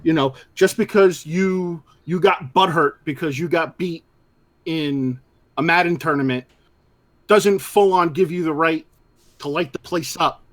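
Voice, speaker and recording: A man with a slightly higher voice chatting on a live geek show. He talks bluntly and with energy, and he swears freely. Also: measured pace, a bit bright. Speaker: podcast co-host. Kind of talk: casual livestream chat.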